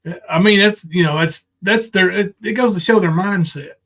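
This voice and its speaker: Rambling, higher-voiced man. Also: normal speed, a bit bright. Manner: rambling, hesitant, with many fillers. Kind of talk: casual livestream chat.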